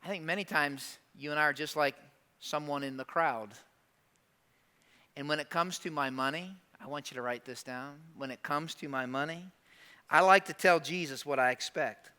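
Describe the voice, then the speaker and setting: A man pastor preaching a sermon, animated and emphatic, sometimes dropping to slow quiet asides. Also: fairly high pitch, clear, resonant tone. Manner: animated, acts out quoted prayers in a raised voice.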